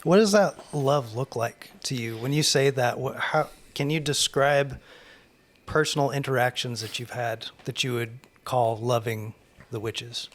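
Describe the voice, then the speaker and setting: A man hosting a podcast, asking thoughtful, probing questions in a relaxed conversation. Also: mid-range voice, measured pace. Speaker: podcast host.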